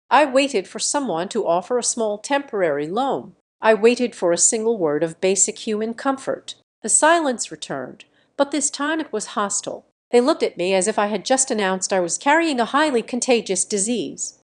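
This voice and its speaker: A woman narrating a first-person story in an even, measured tone. Her delivery is steady, with the polish of scripted narration. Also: mid-range voice.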